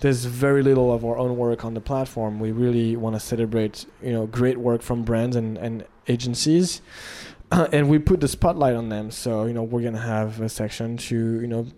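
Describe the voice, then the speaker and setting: Mellow-voiced studio founder, man. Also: mid-range voice, fairly even intonation, normal speed. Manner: thoughtful, hesitant, with frequent restarts. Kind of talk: casual interview conversation.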